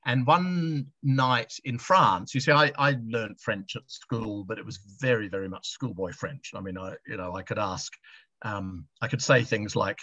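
A man's voice: lowish voice, normal speed, pushed and bright, no room sound. A middle-aged Australian man, a guest author telling anecdotes over a video chat, chatty and laughing with frequent restarts. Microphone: video call. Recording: dull lo-fi video call.

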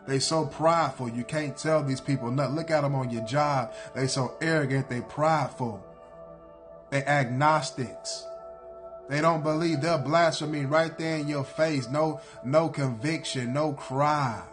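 A man's voice: a little high, steady tone, measured pace, over music. A man preaching a sermon in a blunt, repetitive cadence, hammering his points again and again.

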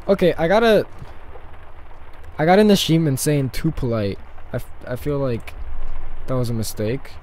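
A man's voice: mid-range voice, normal speed, pauses often, darkish tone, slight background noise. A man casually commenting while playing a game, joking at his own expense. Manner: jokey and self-mocking. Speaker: gamer. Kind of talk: casual let's play commentary.

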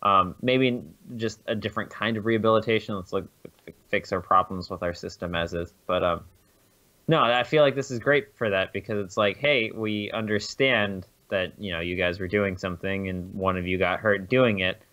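A young man co-hosting a podcast, giving opinions in a rambling, halting way full of restarts. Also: fairly low pitch, pushed and bright. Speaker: podcast co-host. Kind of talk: casual chat. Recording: dull lo-fi mic.

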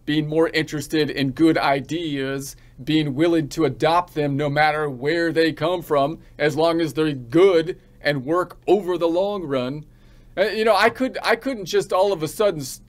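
High-voiced rambling American man. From United States. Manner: rambling, halting, restarts often. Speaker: channel host. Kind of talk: comic rant.

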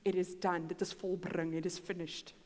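A woman's voice: on the low side, little pitch movement, moderate pace, a little mellow. A woman preaching a storytelling sermon in a church hall, acting out the dialogue in her stories. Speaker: guest preacher. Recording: long church-hall reverb.

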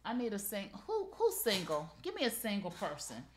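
A woman's voice: mid-range voice, wildly swooping pitch, normal speed, a little hiss or hum. Chatty middle-aged woman hosting a live sale. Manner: playful, talks straight to viewers. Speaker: live shopping show host. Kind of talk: live product pitch, chatty.

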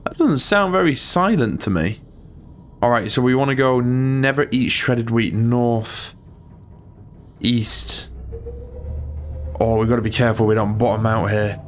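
A gaming channel host gives jittery let's-play commentary, swearing a lot and muttering to himself. His voice is medium-pitched and measured, with frequent pauses.

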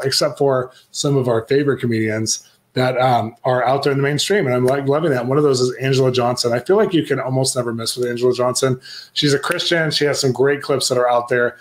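A male show host chatting casually about the clips he plays. He talks quickly and with enthusiasm, and his voice sits at a middle pitch.

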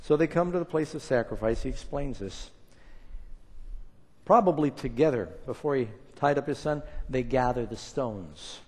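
A male preacher tells a story to a congregation, swinging from loud, forceful lines to quiet, hushed ones. He acts out the quotes in the tale. His voice carries a long reverb from a large hall, at a medium pitch. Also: animated, moderate pace, husky. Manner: dramatic retelling with acted quotes, swinging between loud and hushed. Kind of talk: sermon storytelling.

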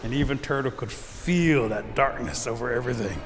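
A man telling a folk tale aloud in an animated way, acting out the action. The recording has long reverb and faint noise. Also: medium pitch, moderate pace, over music. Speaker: storyteller. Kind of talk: oral folk storytelling.

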